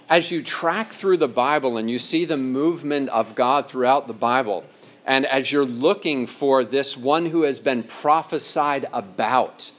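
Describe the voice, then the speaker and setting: A man teaching a sermon in a conversational way, slowing down on key phrases for emphasis. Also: medium pitch, a bit bright. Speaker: pastor.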